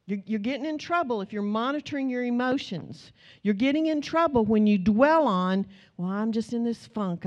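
In a muffled recording, a middle-aged American woman with a higher, somewhat mellow voice preaches a sermon. She relates stories in a chatty manner and works up to emphatic, repeated statements.

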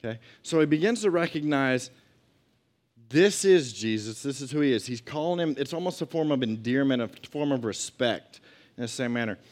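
A man's voice: medium pitch, lively intonation, moderate pace, a little mellow. Guy leading a bible class, chatty, reads verses then riffs, medium voice. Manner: conversational, asides and questions to the group. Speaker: Bible teacher. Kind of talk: casual Bible lesson.

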